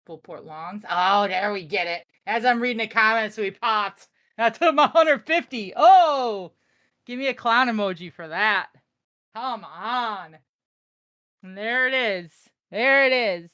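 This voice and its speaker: A woman's voice: medium pitch, measured pace, clean tone. Brash Chicago woman streaming live trades. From Chicago area, USA. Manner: animated, brash and joking with chat. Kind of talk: casual live-stream chat while trading.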